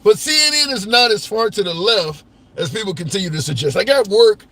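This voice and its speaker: A man's voice: sits high, lively intonation, a little fast, sharp tone. A man hosting a casual political livestream, taking callers and chatting loosely. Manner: talkative, says he is drinking. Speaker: livestream host.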